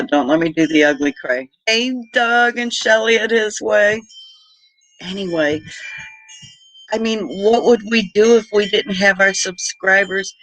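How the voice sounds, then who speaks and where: Woman, unhurried speech, dry close sound, casual livestream chatter, heartfelt. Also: low voice, a bit bright, no echo, rough recording. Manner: chatty, heartfelt, reads viewer comments aloud. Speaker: homesteading channel host.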